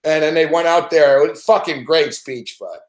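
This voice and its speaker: Man, fairly high voice, sports show host, casual profane chat, excitable, swears a lot. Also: brisk.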